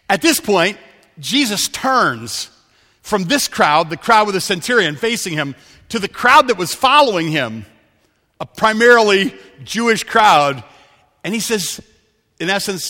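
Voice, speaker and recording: A man preaching a sermon as a pastor, telling stories, dropping to a hush for quoted lines and rising for emphasis. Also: high-pitched, lively intonation, moderate pace, big-room sound.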